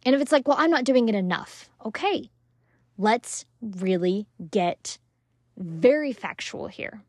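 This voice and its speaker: A woman's voice: on the high side, measured pace, dry recording, studio quality. A woman hosting a parenting-coach podcast, talking emphatically and casually, sometimes acting out what stressed moms say. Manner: animated, emphatic, acts out quoted moms; casual, swears now and then. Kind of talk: motivational solo podcast talk.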